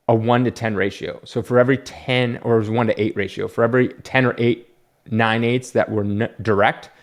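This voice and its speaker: A man chatting casually on his vlog, rambling and telling stories as he goes. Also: medium pitch. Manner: chatty, rambling storyteller with frequent fillers and restarts. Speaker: comic book collector vlogger.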